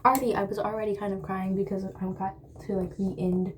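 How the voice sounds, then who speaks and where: A woman's voice: mid-range voice, flat delivery, brisk, background noise. A young woman telling a dramatic storytime in a chatty, rambling way while doing her makeup. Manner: chatty, dramatic retelling with many asides and fillers. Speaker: beauty vlogger.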